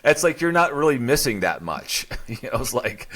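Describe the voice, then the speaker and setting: A man's voice: mid-range voice, big pitch swings, normal speed, a bit bright. A middle-aged man co-hosting a casual conversation, rambling with many restarts and fillers. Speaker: podcast co-host.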